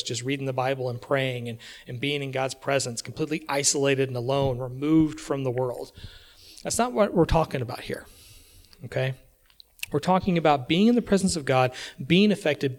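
A man with an American accent preaching a sermon in a church, talking conversationally and often checking in with his listeners. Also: medium pitch. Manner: conversational, checks in with frequent "okay?".

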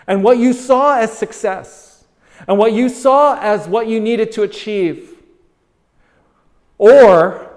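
A man preaching with a high voice and an unhurried, deliberate delivery. He drives each point home with repetition and pointed rhetorical questions. His voice rings out with a long reverb, as in a large hall. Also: a little mellow. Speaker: pastor. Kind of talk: sermon.

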